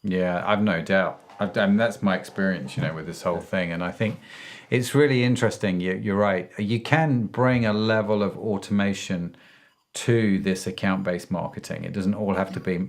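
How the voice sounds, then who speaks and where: A man's voice: sits low, fairly even intonation, moderate pace. A man hosting an interview podcast, upbeat and jokey with effusive praise for his guest and listeners. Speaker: podcast host. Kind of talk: casual interview and show outro.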